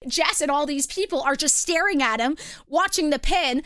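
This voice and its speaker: A woman telling a story in a casual, animated way, swearing freely and acting out what people said. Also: high voice, normal speed, no room sound, studio quality.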